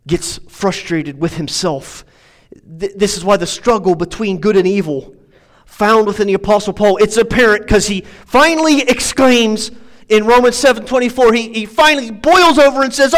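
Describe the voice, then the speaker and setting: A male pastor preaching a sermon, moving from emphatic, rising passages to quieter, reflective stretches. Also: high-pitched, moderate pace, poor audio. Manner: preaching with swelling, emphatic delivery that drops to quiet asides.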